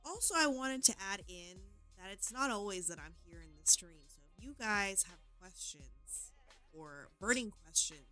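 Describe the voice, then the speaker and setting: A woman co-hosting a call-in stream in chatty, teasing talk. Her voice is bright and sits in a middle pitch. Faint music plays underneath. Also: expressive, moderate pace. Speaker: co-host. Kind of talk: casual chat on a call-in stream.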